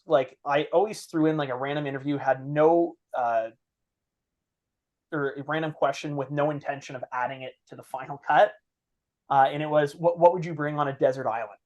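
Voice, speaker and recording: A man's voice: a little high, normal speed. A man hosting a podcast, telling stories in casual chat and acting out the quotes. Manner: animated storyteller, acts out quotes. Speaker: podcast host.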